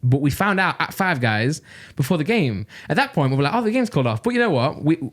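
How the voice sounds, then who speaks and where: A man from Nottingham with a Midlands accent, co-hosting a casual podcast and telling an exasperated, animated story. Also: fairly high pitch, a little fast. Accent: English Midlands. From Nottingham, England. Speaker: podcast co-host.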